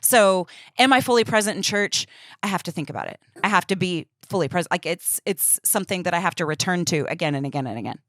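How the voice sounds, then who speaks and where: A woman's voice: on the low side, animated, fast talker, no room sound, clean studio sound. A woman in her thirties co-hosting a podcast, chatting casually and animatedly with many fillers. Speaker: podcast co-host. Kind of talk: casual faith chat.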